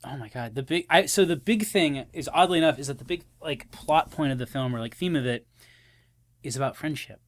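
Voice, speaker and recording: Animated young man retelling scenes. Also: mid-range voice, brisk. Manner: animated retelling with acted quotes and frequent laughs. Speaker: podcast co-host. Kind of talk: casual film chat.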